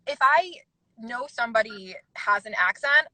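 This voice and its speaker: Bright candid woman, casting director. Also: on the high side, animated, dry recording, low-quality recording. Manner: candid, emphatic, fast-talking with asides. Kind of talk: casual advice chat on a livestream. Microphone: video call.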